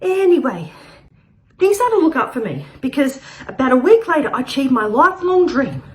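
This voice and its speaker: High-voiced woman telling an absurd story. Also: sing-song, moderate pace. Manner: rambling, absurd storytelling with frequent laughs and outbursts; shifts between loud shouts and quiet, muttered asides. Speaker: open-mic performer. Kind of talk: comic spoken-word performance.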